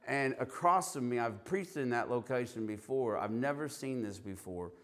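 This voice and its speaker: A man with a mid-range voice preaches at normal speed on the street, recounting his personal testimony. He's an animated storyteller who plays out the quotes himself.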